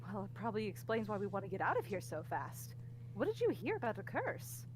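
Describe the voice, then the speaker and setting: A woman's voice: mid-range voice, huge pitch swings, brisk, slight background noise, rough recording. A woman voicing a cheeky young female adventurer in a tabletop game, teasing and mock-innocent. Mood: curious.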